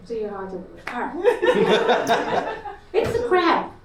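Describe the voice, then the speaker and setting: A middle-aged woman works through a crude stand-up set, her voice sitting high and her punchlines dry and brash. She often breaks into laughter at her own jokes. The sound comes from far off in an echoey club, with a crowd laughing loudly behind her. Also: sing-song, slow pace. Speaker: stand-up comedian. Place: small comedy club stage. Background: loud crowd laughter.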